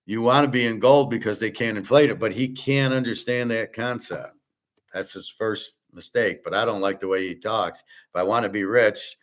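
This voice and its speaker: A man commenting on a video clip in a blunt, dismissive way, swearing often. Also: lowish voice. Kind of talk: casual reaction commentary.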